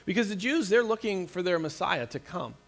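A man's voice: high-pitched, animated, fairly quick, a bit bright. A man preaching a sermon as a pastor, with an earnest, conversational manner, frequent restarts and light laughter.

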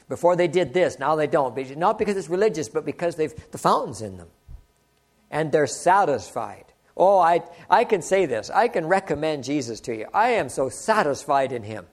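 An older man preaching a sermon, earnest and exclaiming, often asking the listeners rhetorical questions. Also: a little high.

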